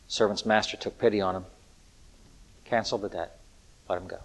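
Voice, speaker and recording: A man preaching an earnest sermon, with rhetorical questions and shifts between loud appeals and hushed lines. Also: lowish voice, fast talker, breathy edge. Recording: echoey hall with long reverb.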